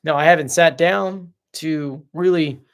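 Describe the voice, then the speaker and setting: A man's voice: a little high, measured pace. A man hosting a casual live stream, chatting off the cuff as he reads out viewer comments and answers them.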